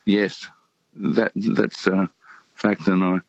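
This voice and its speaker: A man in his sixties with an Australian accent, calling in to a radio show and talking relaxed and rambling, with many pauses. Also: low voice, gravelly, no echo. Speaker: caller. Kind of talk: casual phone chat. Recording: dull phone-in line.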